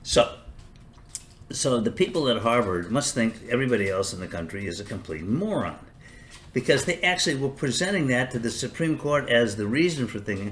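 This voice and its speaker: A man's voice: medium pitch, animated, fairly quick, a bit bright, slight background noise. An older man hosting a podcast, talking in a sarcastic, rambling, self-mocking way in a casual comedic monologue. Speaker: podcast host.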